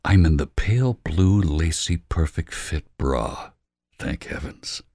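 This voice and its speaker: Male reader for romance audiobook; deep, husky, slow and hushed. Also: lively intonation, no room sound. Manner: slow, hushed, often whispering. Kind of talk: scripted narration.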